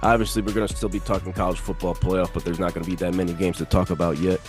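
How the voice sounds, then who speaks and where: A man's voice: deep voice, level tone, fast, music in the background. A man co-hosting a casual sports podcast, giving confident, emphatic picks and repeating himself for emphasis. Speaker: podcast co-host.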